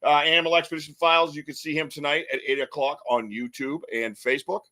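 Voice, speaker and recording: A man's voice: on the high side, steady tone, fast, pushed and bright. A man hosting a live podcast, chatting casually in a rambling, joking way and laughing often. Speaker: podcast host.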